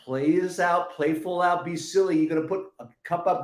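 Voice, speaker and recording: A man guest leading a laughter yoga exercise, bursting into loud chanting laughs and shouted cheers. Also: sits high, brisk, hardly any pauses. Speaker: guest health coach. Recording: roomy echo.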